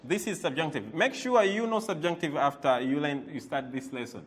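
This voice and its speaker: A man teaching a language lesson, repeating words slowly and quizzing the listener as he goes. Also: fairly high pitch, expressive. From Tanzania. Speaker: Swahili teacher.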